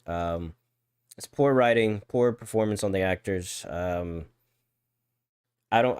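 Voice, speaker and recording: A man's voice: low-pitched, dry recording, clean studio sound. A man co-hosting a live podcast, chatting casually and repeating words as he talks. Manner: chatty, stammers and repeats words, reads chat aloud. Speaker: podcast co-host. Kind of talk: casual live-stream chat.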